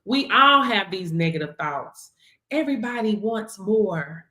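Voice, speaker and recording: A woman's voice: medium pitch, a little slow. Preachy, laughing woman in an echoey room. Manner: animated, preachy, laughs often, calls listeners baby. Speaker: live stream host. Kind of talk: motivational faith talk. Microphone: device camera.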